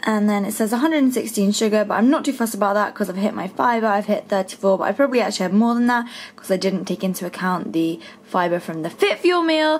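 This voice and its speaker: A woman's voice: a little high, a little hiss or hum. A young woman chatting casually to camera at home in her kitchen, playful and talkative while she eats. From England. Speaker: vlogger. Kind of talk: casual vlog chat to camera.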